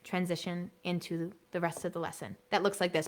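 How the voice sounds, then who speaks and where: A woman teaching an online workshop for elementary music teachers, chatty and energetic, sometimes singing short songs to demonstrate. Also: lowish voice, fairly quick, few pauses.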